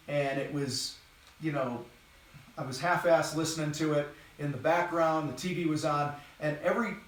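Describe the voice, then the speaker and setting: A man hosting a live business training for contractors, talking bluntly and casually with bursts of energy and the odd swear word, while moving around. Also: fairly high pitch. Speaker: host and business coach for contractors. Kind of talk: live training talk to a camera. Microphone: distant mic, moves around while talking. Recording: very echoey room, voice far from mic.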